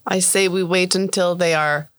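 A woman plays a tabletop role-playing game with friends. She sounds playful and eager. Her voice sits a little low for a woman. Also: fairly even intonation, moderate pace, fairly bright tone. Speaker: player. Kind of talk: casual tabletop game play.

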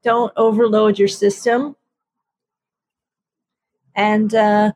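A woman co-hosting a podcast in casual chat, telling stories in an animated, self-mocking way. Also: mid-range voice, takes it slowly, gravelly, pauses often, no room sound. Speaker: podcast co-host.

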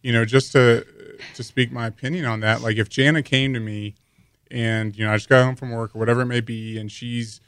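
A man's voice: mid-range voice, fairly even intonation, brisk, fairly bright tone, clear, resonant tone, no echo. Man, podcast guest, heartfelt and rambling, dry close sound. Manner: open, rambling, heartfelt, with many fillers. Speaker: guest, husband. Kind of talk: casual podcast conversation.

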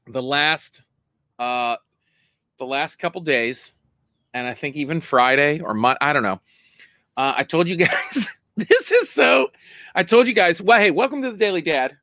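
A man's voice: on the high side, animated, measured pace, long pauses, bright, forceful tone, dry recording, studio quality. A man hosting a casual daily video from home, rambling, correcting himself and laughing often. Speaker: comedian and vlog host.

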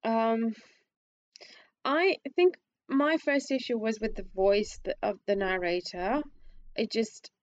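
Squeaky-voiced woman reviewing a film. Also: slow pace, muffled recording. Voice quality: self-described squeaky voice. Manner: hesitant, restarts often, rises in pitch when emphatic. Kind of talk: casual film review chat.

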